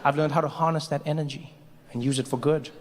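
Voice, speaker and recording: Animated high-voiced male stand-up comic. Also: fast. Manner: animated storytelling that slips in and out of character voices. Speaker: stand-up comedian. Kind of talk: stand-up comedy set. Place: live comedy stage in a large hall. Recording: stage mic with long hall reverb, faint hiss.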